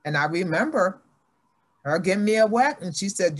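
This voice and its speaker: A woman's voice: on the low side, moderate pace. An older woman, a guest athlete, telling her life story earnestly and acting out her family's voices. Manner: animated, acts out family members' voices in her stories.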